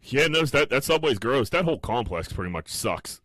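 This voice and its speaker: A man's voice: medium pitch, sing-song, normal speed, a bit bright, no room sound. A man chatting casually with friends in a laid-back way, agreeing and chiming in. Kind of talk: casual chat.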